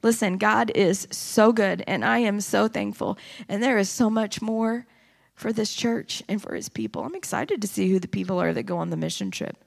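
A woman's voice: medium pitch, moderate pace, gravelly. A woman giving an impassioned sermon testimony in a church, rising into emphatic preaching. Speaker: church speaker. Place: church sanctuary.

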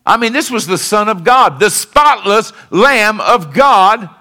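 A male pastor preaching a sermon, calling out to the congregation for responses and swinging between fervent peaks and quiet lows. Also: expressive, a little slow. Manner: rises to fervent emphatic peaks, then drops low and quiet.

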